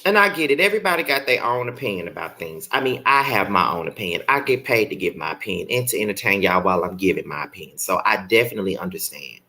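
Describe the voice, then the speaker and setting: A male vlog host rants bluntly and profanely to his viewers. His pitch swings in a lively way and his tone is bright and forceful. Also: fast talker, hardly any pauses. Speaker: commentary channel host. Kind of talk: casual commentary vlog.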